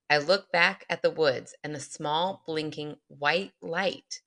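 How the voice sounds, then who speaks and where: A woman podcast co-host reading a listener's spooky story aloud in casual chat, laughing often and slowing for dramatic pauses. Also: low-pitched, fairly even intonation, a bit bright.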